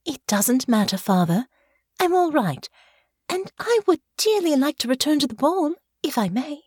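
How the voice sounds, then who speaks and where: A woman's voice: high-pitched, very animated, moderate pace, darkish tone, dry recording, clean studio sound, voice pushed up. A woman narrator voicing a polite, composed young noblewoman in a soothing tone in an audiobook.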